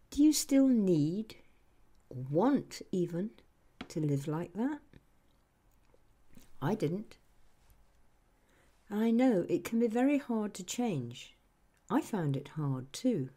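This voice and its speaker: A woman's voice: mid-range voice, very animated, slow pace, long pauses, warm tone. A woman giving a reflective self-help talk. She speaks straight to the listener and acts out the remarks of other people. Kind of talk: reflective motivational monologue.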